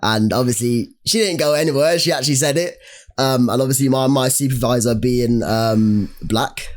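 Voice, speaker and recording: Young man, podcast co-host, animated storytelling, casual slang. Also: medium pitch, normal speed. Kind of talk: casual chat.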